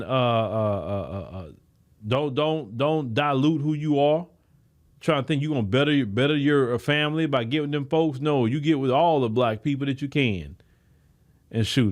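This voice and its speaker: An American man with an African American English accent, hosting a podcast and delivering an emphatic, preachy commentary monologue that is full of repeated words and restarts. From United States. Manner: animated, swinging from raised to low, quiet asides. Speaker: podcast host.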